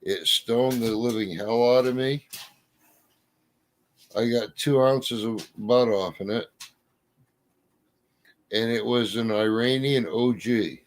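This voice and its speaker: A man chatting casually, spinning folksy stories at an easy drawl. His voice sits at an average pitch, with mild cursing. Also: takes it slowly, long pauses. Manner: folksy storyteller, drawling, swears mildly. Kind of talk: casual chat.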